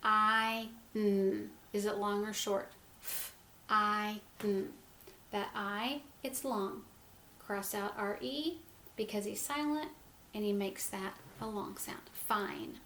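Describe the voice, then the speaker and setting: A woman teaching a phonics lesson to young children, sounding out words letter by letter and gently encouraging them. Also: medium pitch, unhurried, a little hiss or hum. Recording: echoey room with faint ambience.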